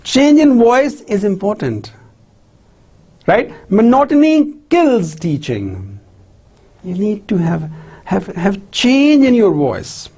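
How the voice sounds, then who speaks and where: A lecturer gives a slow classroom lecture on teaching skills. The voice is mellow and a little husky, and the pitch rises and falls a lot. The lecturer keeps checking in with "right?" and "clear?", and asks questions and then answers them. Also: big pitch swings. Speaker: university lecturer.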